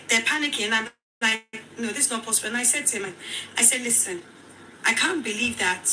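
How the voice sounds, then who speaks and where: A woman with a Nigerian accent, telling her own account as a widow, animated and quoting others in dialogue. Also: on the high side, slight background noise, rough recording. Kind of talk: emotional personal account.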